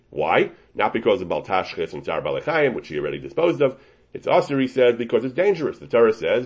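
A man's voice: mid-range voice, darkish tone, slightly rough. A man teaching a Talmudic-style lecture, walking through a source step by step and often restarting his sentences. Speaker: Torah teacher. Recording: dull lo-fi recording.

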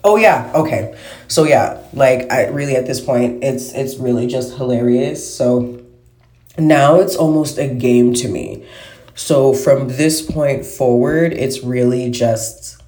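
Mellow-voiced man rambling in a roomy space. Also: mid-range voice, takes it slowly. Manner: rambling, swears freely, trails off and restarts. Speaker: podcast host. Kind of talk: casual podcast monologue. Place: at home, smoking while recording. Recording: roomy echo.

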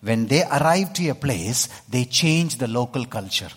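Husky Indian pastor preaching in a hall. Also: male voice, medium pitch, lively intonation, moderate pace. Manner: emphatic, keeps checking in with the congregation. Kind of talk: sermon. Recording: long hall reverb.

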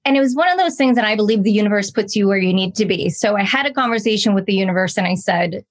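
A woman in her forties, a podcast guest, telling her own story in a lively, chatty way and acting out the dialogue she quotes. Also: mid-range voice, quick pace, hardly any pauses. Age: 40s. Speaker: guest, pathologist assistant and wellness coach. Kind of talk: personal storytelling in an interview.

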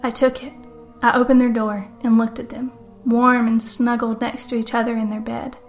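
A woman's voice: a little high, level tone, normal speed, soft background music. A woman who hosts a storytelling podcast, telling a murder tale as dramatic first-person narration. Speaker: podcast host and author.

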